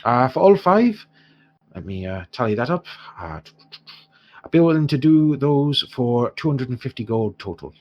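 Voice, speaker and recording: A man's voice: expressive, normal speed, muffled recording, close to an everyday voice. A man doing a wheedling Irish dwarf shopkeeper. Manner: wheedling sales patter, jumps high in pitch. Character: haggling male dwarf shopkeeper, greedy and cheeky.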